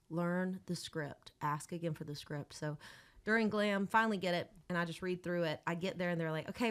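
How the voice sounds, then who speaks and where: A woman, a musician telling stories as a guest on a podcast in casual chat. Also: fairly low pitch. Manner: chatty storyteller, talks with her hands.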